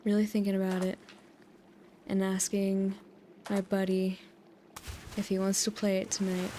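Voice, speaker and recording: A young woman from the United States, softly rambling and telling meandering stories with frequent laughs while playing a relaxing game. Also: fairly high pitch, slight background noise. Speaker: gaming channel host. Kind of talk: soft-spoken rambling over relaxing gameplay.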